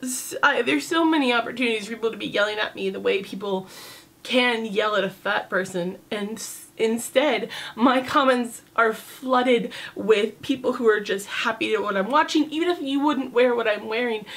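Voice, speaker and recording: A woman's voice: fairly high pitch, moderate pace, fairly bright tone. A woman talking candidly to camera in a casual vlog, chatty and sassy, with lots of fillers. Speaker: vlogger.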